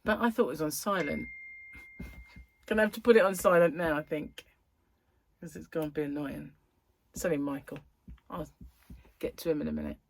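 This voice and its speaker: A woman chatting casually to her viewers from home, a bit croaky and tired, rambling and correcting herself as she goes. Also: deep voice, normal speed, pauses often, slight background noise. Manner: rambling, chatty, self-interrupting. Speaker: crochet vlogger. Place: at home, indoors.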